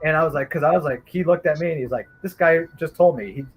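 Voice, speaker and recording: A man casually telling a story, animated, acting out the quotes. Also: fairly high pitch, quick pace, a crowd in the background, poor audio. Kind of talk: casual chat.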